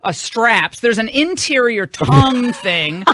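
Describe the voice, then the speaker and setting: A middle-aged woman hosting a radio talk show, bantering in a casual, animated, joking way and acting out quoted voices. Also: on the high side, slow pace, no room sound. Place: radio studio.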